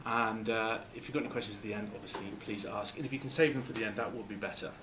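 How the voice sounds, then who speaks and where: A man from Lancashire giving an informal talk to a club, halting and full of fillers and restarts. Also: fairly low pitch, steady tone, noisy background. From Lancashire, England. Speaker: guest speaker.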